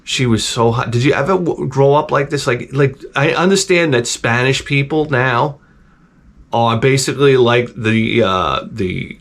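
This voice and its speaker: A man's voice: mid-range voice, expressive, a little slow, fairly bright tone. Middle-aged male host; loose, profane, digressive storyteller with an ordinary mid-range voice. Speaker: channel host. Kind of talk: casual rambling storytelling.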